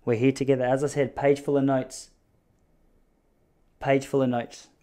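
A man's voice: medium pitch, level tone, moderate pace, mellow. A man hosting a solo podcast, rambling through jokey, self-mocking asides. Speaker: podcast host.

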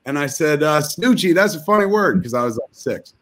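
A man's voice: on the high side, lively intonation, a little fast, fairly bright tone. A man telling a rambling, profane comic story over a video call.

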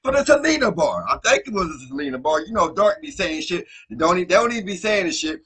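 A man with a high, bright voice hosts a music reaction, his talk swinging widely in pitch as he exclaims and chats over the track. A song plays faintly behind him. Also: expressive, quick pace, slightly rough. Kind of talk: casual reaction commentary. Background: song playing faintly.

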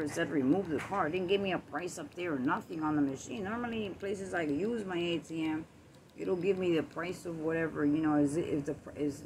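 A woman's voice: fairly low pitch, background noise. Chatty woman telling a story on a night walk. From Puerto Rico. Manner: chatty, animated retelling with quoted exchanges. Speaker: vlogger. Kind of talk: casual storytelling while walking. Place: outdoors in a quiet neighborhood at night.

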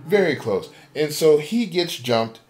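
A man's voice: a little high, expressive, unhurried, darkish tone. A man casually retelling a game theory as a story, acting out a panicked character's inner voice. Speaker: podcast co-host. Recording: amateur podcast recording.

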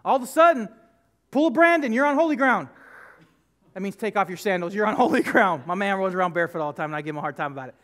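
Male pastor, high and very lively voice, casual storytelling sermon with emphatic repeats. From United States. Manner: animated, conversational storytelling with emphatic repetition. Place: church sanctuary.

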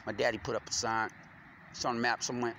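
A man's voice: mid-range voice, little pitch movement, quick pace. A man rambling in a loose, slangy monologue, cursing freely as his thoughts wander. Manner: loose, slangy, stream-of-consciousness talk with cursing. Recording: loud street noise with passing vehicles.

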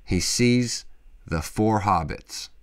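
A man hosting a podcast, talking casually and excitably, with lots of emphatic interjections. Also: lowish voice, takes it slowly. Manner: excitable, emphatic, peppered with "freaking" and "dude". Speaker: podcast host. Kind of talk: casual solo podcast monologue.

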